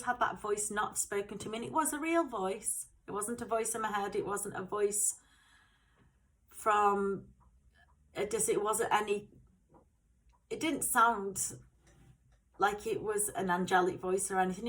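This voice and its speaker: A middle-aged woman telling a true story of her own, speaking softly, halting and repeating words. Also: mid-range voice, low-quality recording. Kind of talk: personal true story narration.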